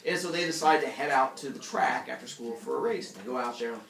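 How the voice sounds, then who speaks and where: This classroom lecture, recorded from far away amid echo, features a young male teacher who jokes around and performs animal characters in silly voices while storytelling. His medium-pitched voice is creaky and a bit bright, moving at a quick pace.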